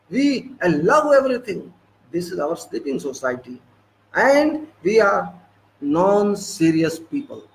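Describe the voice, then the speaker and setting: A man with an Indian English accent, speaking high with vocal fry, delivers an impassioned political lecture. He scolds his listeners and fires rhetorical questions at them. The recording is low quality.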